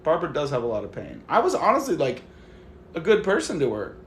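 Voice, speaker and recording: A man's voice: fairly high pitch, quick pace, roomy sound, slight background noise. Man chatting animatedly on a livestream. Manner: animated storytelling, swearing, quoting himself. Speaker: livestream host. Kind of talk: casual livestream chat.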